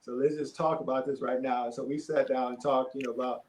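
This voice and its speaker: An older man, a former basketball player, telling stories as a podcast guest in a relaxed, rambling way with many fillers. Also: mid-range voice, fast, low-quality recording. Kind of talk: casual storytelling.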